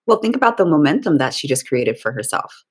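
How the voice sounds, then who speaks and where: A middle-aged woman co-hosting a podcast as a coach, emotional in casual chat and quick to laugh and tear up. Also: deep voice, big pitch swings, husky. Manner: emotional, laughs and tears up easily.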